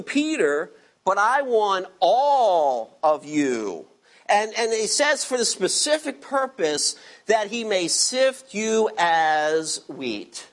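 A man preaching an expository sermon, emphatic and dropping his voice low on key words. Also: a bit bright. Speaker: pastor.

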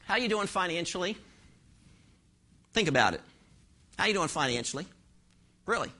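A male pastor delivers an emphatic sermon in church, pressing his congregation with one rhetorical question after another. His voice sits high for a man and rings bright and forceful. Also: lively intonation, normal speed. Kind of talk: expository sermon.

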